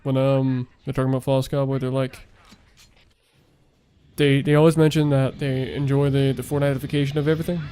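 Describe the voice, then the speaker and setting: His mid-range voice barely shifts in pitch, runs a little fast, and sounds warm and clean. A young man chatting on a stream of his own game, he rambles with many fillers, his voice worn down late at night.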